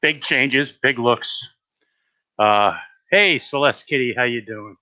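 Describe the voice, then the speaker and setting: A man's voice: medium pitch, slow, pushed and bright. Stream host, New man, slightly winded, cursing and rambling, muffled lo-fi audio. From Rhode Island, USA. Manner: profane, rambling, stammering with fillers and repeats. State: a little out of breath. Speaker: livestream host. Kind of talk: rambling live stream chat.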